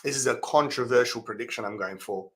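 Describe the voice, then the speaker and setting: A man with a mid-range voice hosts a live fantasy football stream at a fairly quick pace. He reads out viewer comments, laughing often and reacting loudly with exclamations.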